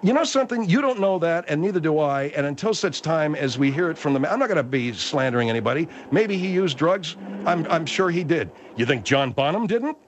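A man's voice: fairly high pitch, animated, a little fast, few pauses, slight background noise. A man hosting a comic radio talk show, sardonic and argumentative with his callers.

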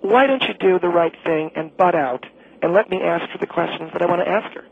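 A high, gravelly woman's voice, put on by a man, crackles down a tinny phone line. She is a pushy, condescending middle-aged association president who talks down to everyone. Faint hiss sits underneath. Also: a little fast, full character voice. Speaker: caller on a talk show.

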